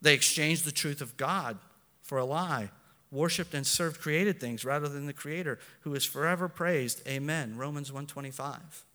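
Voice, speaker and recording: A man preaching a sermon in earnest, swinging between soft asides and loud emphatic lines, correcting himself as he goes. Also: on the high side, moderate pace, long reverb tail. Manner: self-correcting, with fillers.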